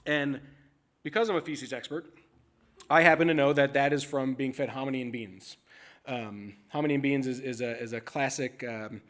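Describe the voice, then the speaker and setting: A man giving a conference talk as an animal services manager, telling stories in a casual, frank, animated way. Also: medium pitch, moderate pace. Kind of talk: conference presentation. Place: conference stage.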